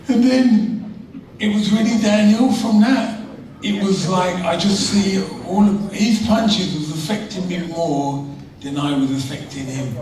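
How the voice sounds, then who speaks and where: A man's voice: sits high, slow pace. A middle-aged man, a retired boxer, laughing as he tells stories in a casual conversation. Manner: laughing, animated storyteller. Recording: echoey room, distant mic, background noise.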